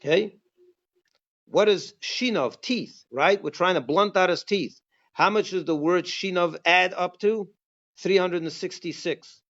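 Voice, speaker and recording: A man's voice: high voice, unhurried, a bit bright, lo-fi sound. A man, a rabbi, giving a Passover class, teaching emphatically with many rhetorical questions.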